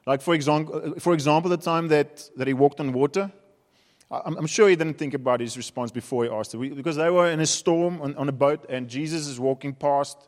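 A man's voice: fairly high pitch, a little fast. A man with a South African accent preaching a sermon, telling stories in a conversational, humorous way. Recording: reverberant hall.

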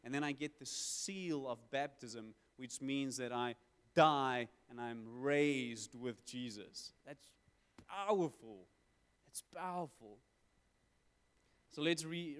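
A man preaching a sermon, conversational with quick asides and emphatic swells. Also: mid-range voice, a bit bright, smooth. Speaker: pastor. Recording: hall with long reverb.

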